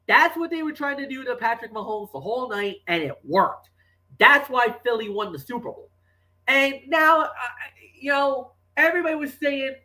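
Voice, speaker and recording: A man's voice: very high-pitched, normal speed. Emphatic sports talk man, echoey room. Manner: emphatic and animated, with repeated restarts. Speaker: sports talk show co-host.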